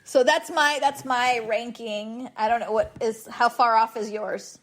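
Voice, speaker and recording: A woman in her thirties telling stories in a casual podcast chat, animated and laughing often. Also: on the high side, measured pace. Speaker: podcast guest.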